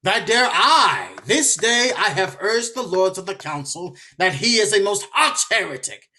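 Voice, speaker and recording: A man playing a bright, spiteful schemer. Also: high-pitched, expressive, measured pace, full character voice. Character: scheming bishop, spiteful and bitter. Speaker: stage actor. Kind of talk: Shakespearean stage acting.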